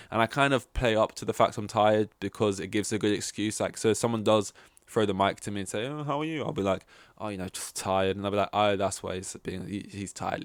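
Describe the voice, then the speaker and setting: Young male podcaster, low pitch, dry close sound, blunt and rambling. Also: no echo. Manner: blunt, rambling, laid-back with swearing. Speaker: podcast host. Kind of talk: casual solo podcast storytelling.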